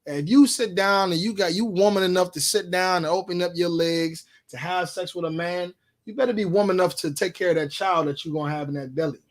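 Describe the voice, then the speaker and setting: A man delivers a fiery street sermon in a higher-than-usual voice, hammering his points and checking in with "you understand?" The talk rolls on in long, loose runs. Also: steady tone, a little fast. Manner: preachy, repeats "you understand?". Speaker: street preacher. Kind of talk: preaching history class.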